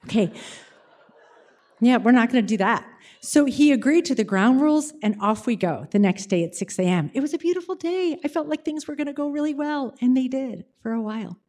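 A woman telling a personal story to an audience, animated and dramatic, slowing down for suspense. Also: high-pitched.

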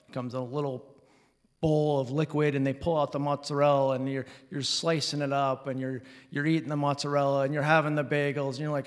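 A man's voice: a little high, steady tone, fairly quick. A man from Alaska telling a personal story on stage, animatedly acting out relatives' lines. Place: hall before an audience. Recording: reverberant hall.

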